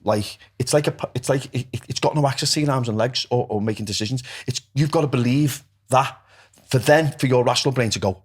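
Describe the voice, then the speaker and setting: Husky scouse guy, blunt and sweary, talking recovery on a podcast. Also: medium pitch, fairly quick. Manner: blunt, swears freely, animated. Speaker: guest, recovery coach. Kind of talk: podcast conversation.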